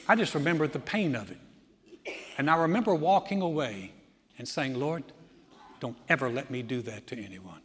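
Male pastor preaching in a reverberant hall. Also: slight background noise. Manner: storytelling, swings between loud emphasis and hushed low lines. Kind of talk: sermon.

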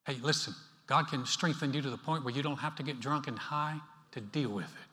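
A male pastor preaching a sermon in a church, talking in a conversational, animated way with playful asides. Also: medium pitch, brisk, hardly any pauses. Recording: reverberant hall.

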